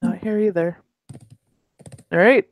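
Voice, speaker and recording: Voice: mid-range voice, slow, narrow, tinny audio, background noise. A game master narrating a tabletop game casually, with asides and swearing.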